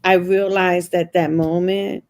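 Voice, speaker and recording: A woman's voice: lowish voice, level tone, unhurried, a little mellow. A middle-aged woman, a podcast guest, earnestly telling a personal story and repeating phrases for emphasis.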